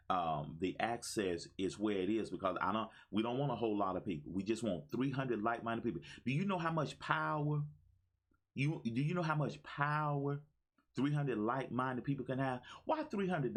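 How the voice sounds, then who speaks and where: A man's voice: mid-range voice, moderate pace. A man in his fifties giving a livestream motivational talk, exuberant, with a preacher-like call-and-response manner. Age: 50s. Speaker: motivational speaker. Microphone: phone.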